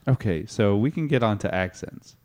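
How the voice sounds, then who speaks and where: A man playing a mock improv teacher in a comedy sketch, talking in a deadpan, instructive way. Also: on the low side, normal speed.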